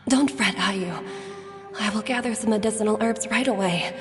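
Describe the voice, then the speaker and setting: An actress playing a caring young mother who speaks gently and reassuringly. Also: medium pitch, moderate pace, big-room sound, over music, close to an everyday voice.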